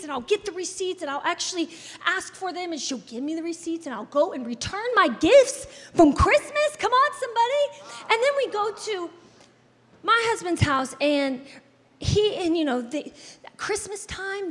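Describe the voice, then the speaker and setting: Woman pastor in her 30s preaching, really high voice, lively and chatty with the crowd, big church echo. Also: moderate pace. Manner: animated, conversational preaching with playful asides to the congregation. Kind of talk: sermon. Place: church sanctuary. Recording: long hall reverb in a church.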